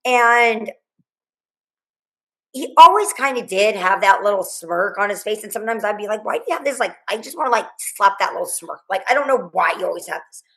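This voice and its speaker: A middle-aged woman being interviewed, recounting a frightening night in a rambling, halting way, full of restarts and quoted dialogue. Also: medium pitch, animated, sharp tone, rough recording. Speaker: guest, mother of a murdered student. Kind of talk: emotional interview storytelling.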